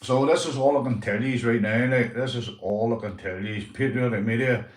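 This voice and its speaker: A man's voice: mid-range voice, normal speed, far from the mic. A Northern Irish man hosts a loose, casual livestream and curses constantly as he chats with his viewers. His voice sits a little away from the mic, in a roomy, echoing space. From Northern Ireland. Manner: swears constantly, chatty, addresses viewers by name. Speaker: livestream host.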